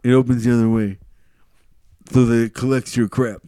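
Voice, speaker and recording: A man's voice: mid-range voice, little pitch movement, moderate pace, mellow, clean tone. A man in casual comedy banter who slips into exaggerated character rants.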